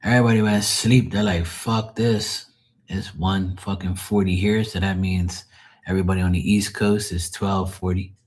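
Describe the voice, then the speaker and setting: Guy doing a live tarot stream, lowish voice, rambly, swears a ton, laughs at his own stuff. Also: steady tone, fairly quick, darkish tone. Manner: rambling and heavily profane. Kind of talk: late-night livestream storytelling.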